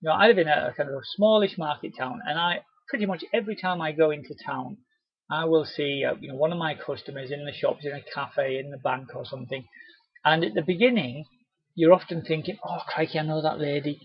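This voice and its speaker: A man presenting a live training webinar, chatty and encouraging, with a husky voice. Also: on the high side, a little fast, dry recording. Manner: chatty, encouraging, acts out cheery doorstep greetings. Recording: dull, lo-fi webinar audio.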